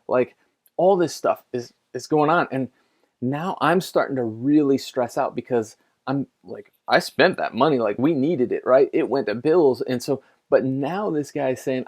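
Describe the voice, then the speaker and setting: A man's voice: medium pitch, a little slow, a little mellow. A middle-aged man, a pastor, telling a story in a casual conversational sermon, chatty with lots of fillers and restarts.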